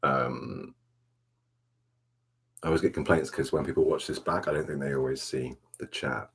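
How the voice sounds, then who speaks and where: A man hosting a soft-spoken ASMR live stream, rambling laid-back as he reads and answers the chat, self-mocking. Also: a bass voice, normal speed, gravelly. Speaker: ASMR livestream host.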